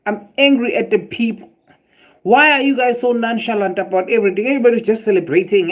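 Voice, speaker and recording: A South African man with a high-sitting voice talks briskly on a livestream, chatting casually with his viewers. He rants with lots of energy, swears, jokes and laughs at what chat is saying.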